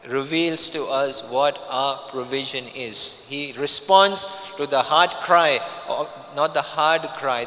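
Bright-voiced preacher in a reverberant hall. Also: male voice, fairly high pitch. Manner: repeats phrases for emphasis, frequent restarts. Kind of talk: sermon.

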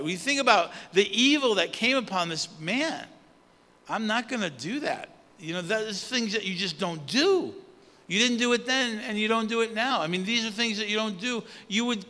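High, bright-voiced man preaching in a hall. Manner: conversational, halting with fillers and restarts. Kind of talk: sermon. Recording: long hall reverb.

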